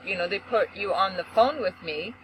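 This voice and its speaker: A woman hosting a faith talk show, telling a family story in an animated, expressive way. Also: moderate pace, a little hiss or hum, low-quality recording. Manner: expressive, acts out quotes with big pitch swings. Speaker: host.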